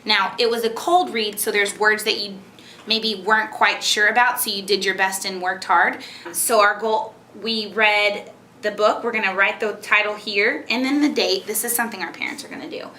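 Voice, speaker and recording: A woman's voice: medium pitch, steady tone, moderate pace, bright, forceful tone, a little hiss or hum. A woman teacher explaining a reading method step by step, patient and encouraging, and reading a children's book aloud. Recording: echoey room.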